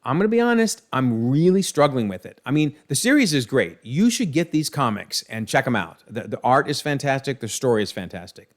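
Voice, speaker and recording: A man's voice: mid-range voice, brisk, few pauses. Chatty man recapping comics. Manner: chatty and animated, recapping with asides. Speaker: comics commentator. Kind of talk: casual video commentary.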